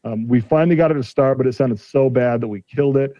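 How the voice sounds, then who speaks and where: Man, 40s, mid-pitch, conversational storyteller; dry, slightly muffled recording. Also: quick pace, dry recording. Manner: retells a dispute, acting out quoted exchanges. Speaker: podcast guest, car collector. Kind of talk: casual storytelling. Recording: slightly dull, dry sound.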